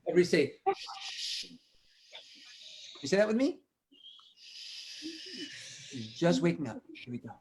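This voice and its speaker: A man's voice: on the high side, very animated, fairly quick, long pauses, heavy background noise. A man leading an interactive music lesson for children, playfully coaxing them to repeat after him. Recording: children chattering in the background. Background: children's voices.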